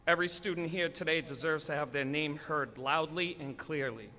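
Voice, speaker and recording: A man's voice: on the high side, moderate pace, bright, forceful tone. A man making a polite, firm formal announcement from a podium at a graduation ceremony. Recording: reverberant hall with faint room noise.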